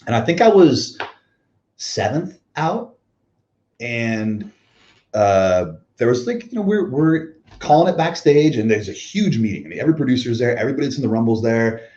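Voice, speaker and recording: A man's voice: mid-range voice, big pitch swings, moderate pace, a little mellow, roomy sound. A man who used to wrestle, casually telling a backstage story as an interview guest, in a loose, swearing, filler-heavy way. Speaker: former pro wrestler guest. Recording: dull lo-fi recording.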